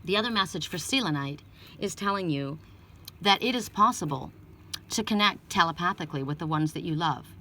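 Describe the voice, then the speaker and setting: Earnest low-voiced woman, a bit off-mic. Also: lively intonation, a little fast, pushed and bright, far from the mic, slight background noise. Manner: earnest, rambling, restarts often. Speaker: oracle card reader. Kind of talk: spoken card reading with personal stories.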